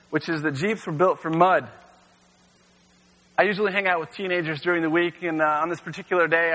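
A man's voice: high-pitched, bright, forceful tone. A man preaching as a youth pastor, telling stories in a casual, filler-laden way. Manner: casual storytelling with frequent fillers. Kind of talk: sermon. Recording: long reverb of a hall.

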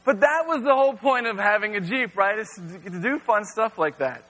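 Male youth pastor, relaxed storytelling sermon, crisp bright tone, long hall echo. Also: high voice, moderate pace. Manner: casual storytelling with frequent fillers.

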